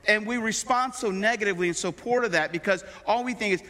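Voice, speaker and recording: Middle-aged pastor man preaching casual-like, bright forceful voice, long church echo. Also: sits high, fast, hardly any pauses. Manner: conversational preaching with everyday examples. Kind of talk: sermon. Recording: long hall reverb.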